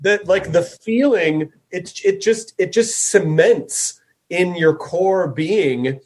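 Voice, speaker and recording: A man's voice: high-pitched, slow, slight background noise. A man hosting a podcast in casual chat, rambling with lots of "you know" and "like". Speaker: podcast host.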